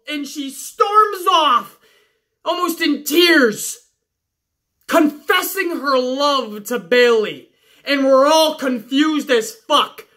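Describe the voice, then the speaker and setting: High, bright, profane woman ranting. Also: animated, slow. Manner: exasperated, sarcastic, swears a lot. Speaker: wrestling show reviewer. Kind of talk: profane recap rant.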